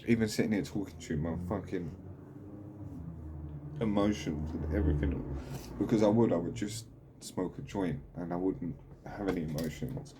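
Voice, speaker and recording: A man speaking candidly in a video diary, halting and full of swearing, sitting at home. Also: low voice, background noise. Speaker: channel host.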